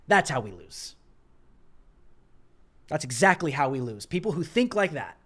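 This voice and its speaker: A man's voice: high-pitched, big pitch swings, normal speed, pauses often, a bit bright. A young man hosting a political commentary livestream, talking in an impassioned way and hammering points through repetition. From United States. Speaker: livestream host.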